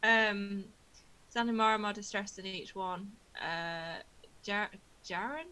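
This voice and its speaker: A woman's voice: medium pitch, slow pace, bright, forceful tone, clear, resonant tone, low-quality recording. A woman playing a tabletop game, talking hesitantly with many fillers and giggles. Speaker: player. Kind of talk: casual tabletop game play.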